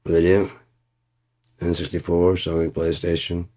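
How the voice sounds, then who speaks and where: A man's voice: deep voice, fairly even intonation, moderate pace, a little mellow. A man in a blunt, profane ranting monologue for his vlog. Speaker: vlogger.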